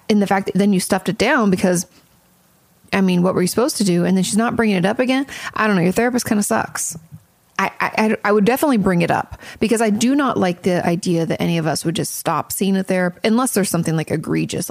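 Creaky-voiced woman, frank chatty therapist. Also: medium pitch, dry recording. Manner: chatty, frank, swears casually. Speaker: therapist and podcast host. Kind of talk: casual advice podcast.

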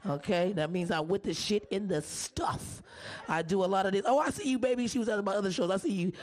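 A woman comedian doing a live stand-up set with a hoarse voice. She is brash and profane and teases the audience. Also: mid-range voice, a little fast.

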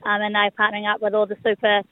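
A woman's voice: mid-range voice, completely flat delivery, fast talker, no echo. A woman with a New Zealand accent, a rugby player talking on the phone in a chatty way with many fillers. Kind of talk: phone interview. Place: outdoors on the phone. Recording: narrow tinny phone line.

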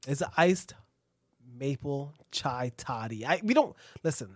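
A man's voice: medium pitch, animated, unhurried, dry recording, studio quality. A man hosting a casual chat who rambles, swears a lot and laughs easily.

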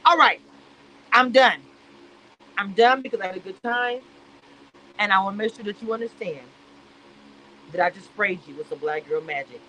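A woman giving sassy, animated reality-show commentary on a live stream. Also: medium pitch, moderate pace, long pauses, a little hiss or hum, low-quality recording.

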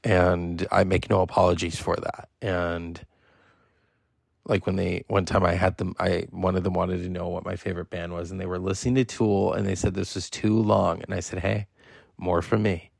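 A man hosting a film podcast, rambling in casual, profane, excitable talk. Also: deep voice, normal speed, gravelly, no echo, studio quality. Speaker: schoolteacher. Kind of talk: casual solo podcast monologue.

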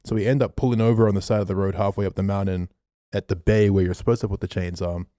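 A man co-hosting a podcast, telling a story in a casual, animated way, swearing freely. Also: low voice, quick pace, no room sound, studio quality. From Australia. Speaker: podcast co-host.

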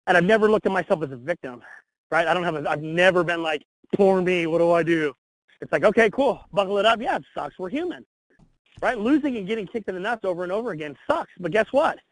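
High-voiced, blunt man telling his story. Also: no echo, low-quality recording. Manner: blunt, energetic, casual swearing. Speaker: guest. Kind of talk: candid interview storytelling.

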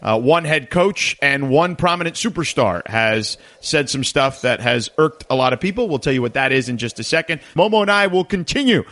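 Animated male sports radio host. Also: fairly high pitch. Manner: animated, many "uh" fillers, quick promo reads. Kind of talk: call-in sports radio talk.

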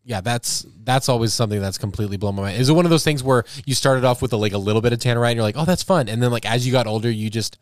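A man co-hosting a podcast, excitable and quick to laugh and jump in. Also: mid-range voice, clear, resonant tone, dry recording. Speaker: podcast co-host. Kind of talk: casual chat.

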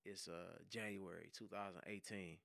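Animated man telling a wild story. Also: sits low, moderate pace, vocal fry, no echo, studio quality. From Detroit. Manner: animated, slangy, profane, acts out shouted quotes. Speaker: podcast guest, hip hop producer. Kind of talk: casual storytelling.

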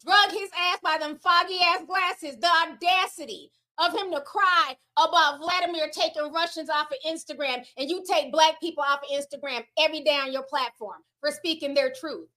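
A woman's voice: high-pitched, fairly even intonation, normal speed, few pauses, bright, forceful tone. A woman hosting a casual livestream, reading super chats and giving sassy commentary that is full of swearing and spoken straight to her chat.

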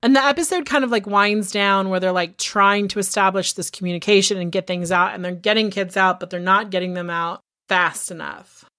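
A woman in her thirties co-hosting a podcast, recapping in casual chat and swearing freely as she gets animated. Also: mid-range voice, fairly quick, few pauses, no room sound, clean studio sound. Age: 30s. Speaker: podcast co-host.

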